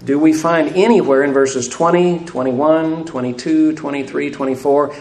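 A man's voice: fairly high pitch, moderate pace, few pauses, darkish tone. A man preaching a sermon, asking the congregation rhetorical questions and adding light self-deprecating humor. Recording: echoey room, faint room noise.

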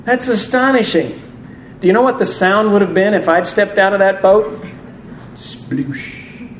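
Speaking at a moderate pace in a high voice, a preacher delivers a scripture-based sermon with a chatty, dryly funny style. There's roomy echo from a distant mic, along with soft background ambience and slight hiss.

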